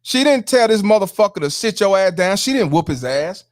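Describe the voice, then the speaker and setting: A man hosting a livestream, giving profane, emphatic commentary and shouting out viewers. He repeats lines for emphasis. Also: high voice, expressive, brisk. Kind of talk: live-streamed commentary with viewer shout-outs.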